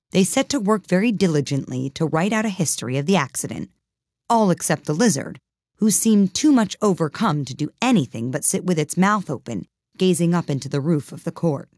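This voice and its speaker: A woman narrating a storybook in an expressive reading voice. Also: sits low, normal speed, no room sound, clean studio sound. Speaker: audiobook reader.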